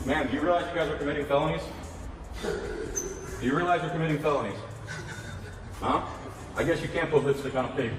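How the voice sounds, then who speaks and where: A man's voice: a little high, fairly quick, long pauses. A man confronting officials in a combative way, citing laws and court cases. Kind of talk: confrontational self-filmed encounter. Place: county meeting room and hallway. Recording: echoey distant hall audio with music.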